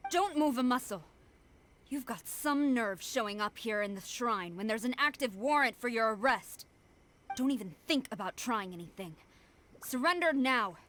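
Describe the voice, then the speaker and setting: A stern young army general. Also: female voice, a little high, lively intonation, normal speed, a bit bright, a little hiss or hum. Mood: commanding. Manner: commanding, curt. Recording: with game music behind.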